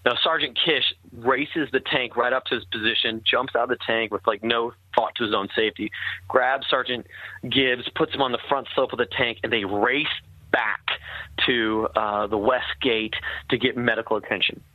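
A man speaks in an earnest, conversational way as he recounts his time as an army captain, often pausing and restarting with fillers. His voice sits at an ordinary middle pitch. It comes through a thin, tinny, phone-like line with a dry sound and no room echo. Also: fairly even intonation. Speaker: former army captain telling a war story. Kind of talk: casual storytelling in conversation.

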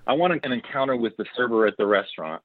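A man talks earnestly about faith, in the manner of a preacher. His voice is husky. He comes through a tinny phone line with a dry sound. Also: medium pitch, lively intonation, fast talker, dry recording. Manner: earnest, preacherly, quotes scripture. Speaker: guest. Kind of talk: faith conversation.

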